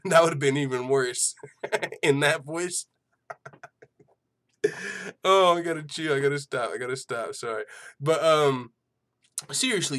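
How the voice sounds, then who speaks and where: A man with a fairly high, fairly bright voice hosts an MMA news channel in casual chat. He's loose and profane, swearing freely, laughing often, and leaning on lots of fillers.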